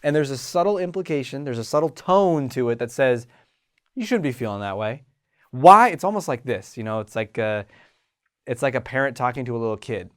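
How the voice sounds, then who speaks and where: A man hosting a self-help show about confidence, talking in an animated way and acting out inner voices. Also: mid-range voice, a little fast. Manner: animated, acts out inner voices, frequent restarts. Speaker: host and confidence coach. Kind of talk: motivational self-help talk.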